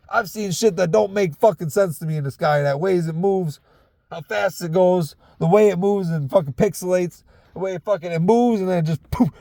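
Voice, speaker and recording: Raspy, profane man ranting with a Southern accent. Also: sits high, a little mellow, no room sound. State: tired, sore voice. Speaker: podcast host. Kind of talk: casual solo rant. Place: inside a parked truck.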